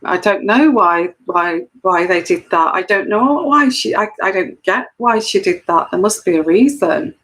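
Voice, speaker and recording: An intuitive tarot reader speaks earnestly to the camera in a solo monologue of personal commentary, explaining her point and often repeating phrases for emphasis. Her medium-pitched voice is animated and a bit bright, moving at a measured pace with few pauses. The recording is rough.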